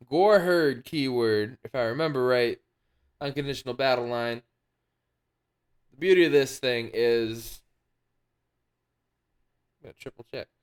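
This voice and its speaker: A man hosting a wargaming channel, talking casually and playfully, with jokey announcer-style moments mixed into relaxed commentary. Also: medium pitch, clean tone.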